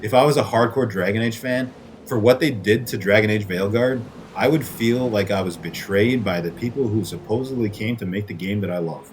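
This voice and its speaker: A gaming commentator with a fairly low voice rants furiously about video games, cursing frequently and hurling rhetorical questions. There is slight background noise in the recording.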